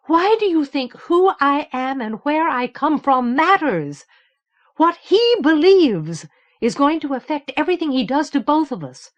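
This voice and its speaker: Woman doing a pressing young woman, pitched up and forceful, audiobook. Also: a little slow, few pauses, muffled recording. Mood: urgent. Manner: insistent, forceful, raised voice. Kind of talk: audiobook character reading.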